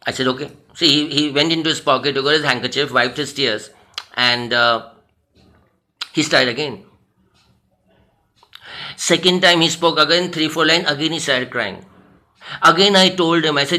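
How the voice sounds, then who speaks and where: Speaking with an Indian English accent, a personality development trainer tells a story during a motivational talk. His voice is fairly high and sharp, a bit slow, with long pauses, and he earnestly repeats phrases for emphasis.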